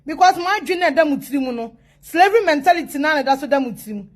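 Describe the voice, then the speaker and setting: A woman with a Ghanaian accent speaks in a high voice, blunt and preachy. She drifts between pidgin and Twi in a loose, casual monologue. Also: animated, racing.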